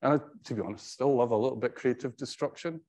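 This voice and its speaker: Middle-aged male professor, mid-pitched, halting and wry tribute speaker. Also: darkish tone. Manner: conversational, halting with frequent restarts; wry storytelling. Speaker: professor giving a tribute talk. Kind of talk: anecdotal tribute speech.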